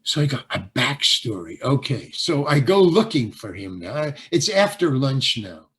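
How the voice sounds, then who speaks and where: An older man, an actor and stand-up comedian, telling a story in an interview, halting and repeating words as he goes and acting out both sides of the dialogue. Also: mid-range voice, sing-song, a bit bright, husky.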